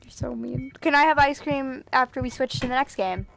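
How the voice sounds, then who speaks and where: A woman's voice: high voice, moderate pace, creaky, a bit bright, slight background noise. A woman streaming a game, chatting casually in a playful, whiny way, swearing and laughing often. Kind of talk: casual gaming stream chat.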